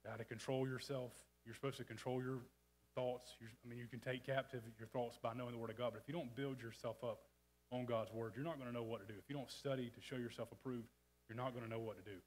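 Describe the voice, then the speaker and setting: A man's voice: medium pitch, fairly even intonation, fast talker, low-quality recording. A man preaching a casual, folksy sermon in a church, with frequent restarts and asides. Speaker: church speaker. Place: church sanctuary.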